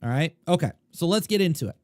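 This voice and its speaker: A middle-aged man talks casually to his listeners as a podcast host. His pitch jumps around a lot, and he gets loud and then drops low. The close mic sounds dry, with no room echo. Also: fast. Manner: animated, conversational, swings loud and quiet. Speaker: podcast host, poker coach. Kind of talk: casual storytelling monologue.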